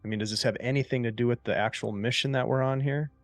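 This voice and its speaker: A man's voice: medium pitch, steady tone, fast, no echo, faint music behind. Wry man playing a tabletop role-playing game. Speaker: player. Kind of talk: casual tabletop play, partly in character.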